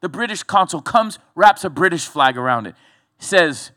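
A male pastor preaching a sermon, telling a story in a loose, conversational way with animated build-ups. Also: fairly high pitch, moderate pace, no room sound, clean studio sound.

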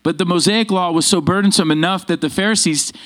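Higher-pitched man preaching a lively sermon. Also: fast talker. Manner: lively, calls out to the congregation. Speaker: pastor. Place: church sanctuary with congregation.

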